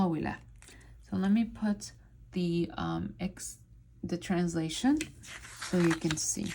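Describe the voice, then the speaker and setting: A woman teaching a beginner reading lesson, sounding out words syllable by syllable and repeating each one slowly. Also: mid-range voice, warm tone. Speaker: Arabic teacher. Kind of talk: slow step-by-step reading lesson.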